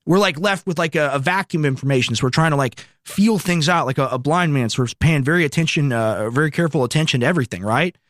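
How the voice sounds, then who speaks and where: A man's voice: fairly high pitch, fast talker, few pauses, fairly bright tone, no room sound, studio quality. Sarcastic male political commentator. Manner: sarcastic, conversational, reads posts aloud with asides.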